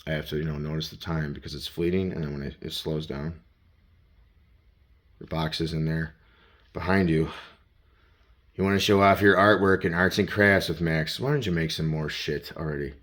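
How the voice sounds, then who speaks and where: A man's voice: a bass voice, steady tone, normal speed, long pauses, fairly bright tone. A man vlogging as he walks around his home, rambling and swearing as he talks to himself in the second person. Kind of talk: rambling self-talk vlog. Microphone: handheld phone.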